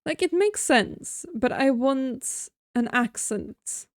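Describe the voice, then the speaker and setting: A woman's voice: high-pitched, lively intonation, slow pace, dry recording, studio quality. A woman streaming a game, chatting casually and thinking aloud while she builds, mocking herself now and then. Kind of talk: casual gameplay commentary.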